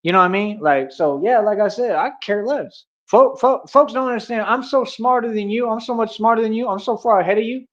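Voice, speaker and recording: A man's voice: high-pitched, fairly quick, hardly any pauses, fairly bright tone, lo-fi sound. A young American man streaming a casual rant. He is boastful and confrontational, and he talks in street slang. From United States.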